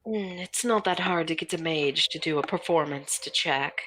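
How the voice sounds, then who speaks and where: Playful woman with a bright voice. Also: deep voice, normal speed, slight background noise, low-quality recording. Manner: playful, chatty. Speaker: player. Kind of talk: tabletop game play over voice chat.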